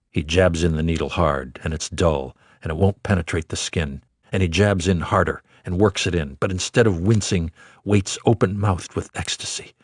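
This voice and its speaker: A man reads a literary novel aloud in a measured, rhythmic way. His voice sits low and deep. The recording is dry and close, with no room sound around him. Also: dry recording. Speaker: audiobook narrator. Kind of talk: literary audiobook reading.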